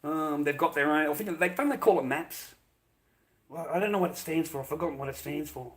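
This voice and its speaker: Australian male streamer, slightly high voice, angry and foul-mouthed, confronting his viewers. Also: brisk. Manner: angry, profane, combative, addressing viewers directly. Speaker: livestreamer. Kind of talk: livestream rant to chat.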